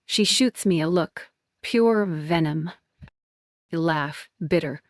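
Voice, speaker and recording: Low-voiced woman telling a tense story. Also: takes it slowly, dry recording, studio quality. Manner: tense, clipped, emotional delivery. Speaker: story narrator. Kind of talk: first-person dramatic story narration.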